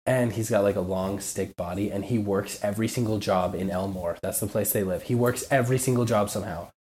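A man's voice: on the low side, a little fast, darkish tone. A man who is a podcast guest, talking loosely with many fillers in casual chat. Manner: loose, filler-heavy, says "literally" and "like".

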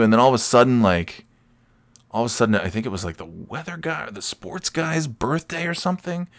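A man's voice: on the low side, expressive, fairly quick. A man telling a casual personal story, rambling with many restarts and swearing freely with self-mocking humor.

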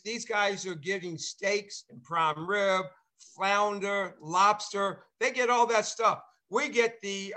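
Older guy hosting a video call, talks high and bright, rambles with tons of uhs. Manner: rambling, excitable, many uh fillers. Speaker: show host, former ballplayer. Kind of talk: casual chat.

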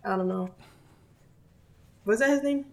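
A woman's voice: medium pitch, unhurried, darkish tone. A young woman, a kindergarten teacher, chatting casually on a podcast and acting out quotes as she tells stories. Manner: chatty storyteller, acts out quotes. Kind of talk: casual chat.

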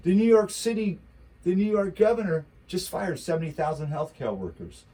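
A man's voice: sits high, expressive, normal speed, dark tone, husky, rough recording. A man talking politics in a casual chat, ranting heatedly with lots of rhetorical repetition. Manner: mocking quoted voices.

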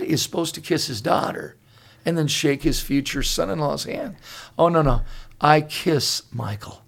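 Speaking a little slowly, with a higher-pitched voice and some vocal fry, an older pastor hosts a laid-back podcast. His storytelling is earnest and lively, and he keeps restarting his sentences.

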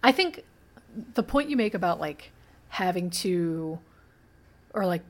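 A woman's voice: fairly low pitch, expressive, measured pace. A woman co-hosting a podcast, chatting casually in an easygoing, agreeable way, often trailing off mid-thought. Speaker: podcast co-host. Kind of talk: casual chat.

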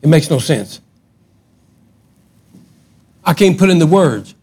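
Man, high voice, middle-aged pastor, emphatic preaching, loud then hushed. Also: animated, takes it slowly, breathy edge. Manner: emphatic preaching, swinging between loud outbursts and hushed lines. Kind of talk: sermon.

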